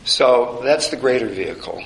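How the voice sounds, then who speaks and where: A man's voice: mid-range voice, expressive, normal speed, vocal fry. Man, classroom lecture, reflective, wry, roomy echo, faint hiss. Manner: reflective, conversational, with wry humor. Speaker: teacher of a chaplaincy course. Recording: roomy with faint background noise.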